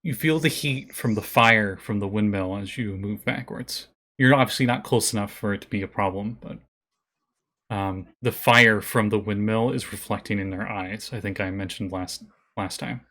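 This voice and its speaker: A man narrating a tabletop game as game master, relaxed and chatty. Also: lowish voice, normal speed.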